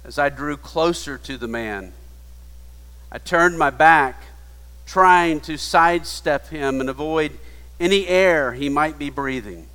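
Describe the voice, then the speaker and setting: A man preaching a sermon, retelling a story in a hushed voice that builds to emphatic appeals. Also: fairly high pitch, slow. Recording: long hall reverb.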